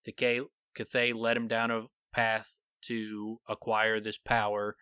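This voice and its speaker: A man co-hosting a podcast, animatedly thinking out loud as he retells and theorizes about scenes from a book. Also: lowish voice, little pitch movement, a little slow, clear, resonant tone, dry recording. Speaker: podcast co-host. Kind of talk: casual podcast discussion.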